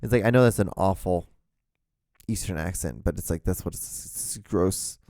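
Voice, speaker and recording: A man's voice: sits low, normal speed, creaky, warm tone, no room sound, studio quality. A man in his thirties hosting a podcast alone, rambling casually with lots of fillers, restarts and swearing. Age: 30s. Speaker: podcast host.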